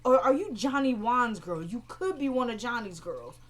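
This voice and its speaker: A woman's voice: fairly high pitch, sing-song, normal speed, pitched above the performer's own voice. Woman mimicking a haughty mocking older schemer. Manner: condescending, needling.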